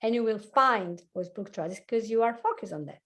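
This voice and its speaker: A woman with an Italian accent, a hypnotherapist and life coach, talking fast and laughing often as a guest on a video-call chat. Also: medium pitch, lively intonation, fairly bright tone. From Italy. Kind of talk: casual chat.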